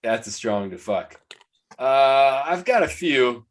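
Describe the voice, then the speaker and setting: Lively, joking man bantering on a podcast. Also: mid-range voice, slow pace. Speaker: podcast co-host. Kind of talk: casual sports chat.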